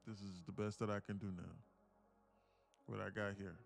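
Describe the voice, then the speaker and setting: A man from with a gravelly voice, boasting about his trading and bantering with viewers on a live stream from his home apartment. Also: lowish voice, flat delivery, normal speed, soft background music. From Atlanta, USA. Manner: boastful, teasing banter with chat. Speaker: day trader streamer.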